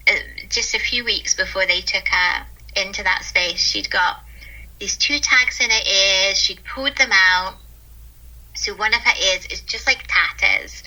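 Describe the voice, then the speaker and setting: A woman guest, a calm mentor, telling stories in a casual interview, earnest and quick to laugh. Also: medium pitch, poor audio.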